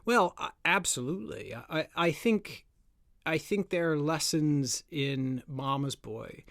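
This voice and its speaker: A man's voice: a little high, takes it slowly, fairly bright tone, no echo. An American man being interviewed over a video call, speaking thoughtfully with many restarts. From United States. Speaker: author guest.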